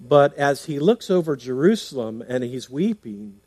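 A man's voice: mid-range voice, very animated, normal speed, warm tone, no echo. A man preaching a sermon in a conversational way, reading scripture aloud and explaining it, often restarting with fillers. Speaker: pastor.

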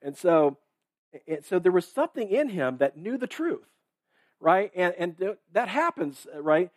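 With big pitch swings and a high-pitched voice, a male pastor preaches a little slowly, with no room sound in the recording. He reads Bible verses and comments in an easygoing, conversational style, checking in with "right?" and "okay?" and restarting often between many fillers.

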